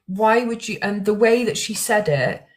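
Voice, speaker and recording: A young woman talks straight to her viewers in a casual vlog. She rambles with plenty of restarts and fillers, and her voice carries real emotion. Her pitch sits at an ordinary middle level. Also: lively intonation, normal speed. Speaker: true crime content creator. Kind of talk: casual talk to camera.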